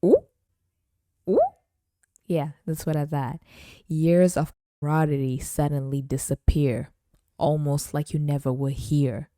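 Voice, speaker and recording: Young woman podcaster, low mellow voice, chatty and giggly, dry close sound. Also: fairly even intonation, no echo. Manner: chatty, laughs often, reads lyrics aloud slowly. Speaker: podcast host. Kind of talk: casual chat about rap lyrics.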